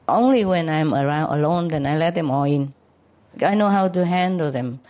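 A woman with a slightly low voice talks casually in broken English. She laughs often as she speaks and keeps checking with tag questions. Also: darkish tone. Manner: laughs often while talking; broken non-native English grammar. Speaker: dog owner. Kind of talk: casual chat.

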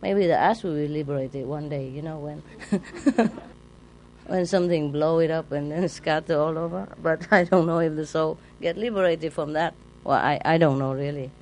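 A woman's voice: low voice, normal speed, darkish tone, slight background noise. Woman telling stories with frequent laughter. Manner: laughs often while talking; imitates sounds playfully. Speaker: spiritual teacher. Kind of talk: casual storytelling to a group.

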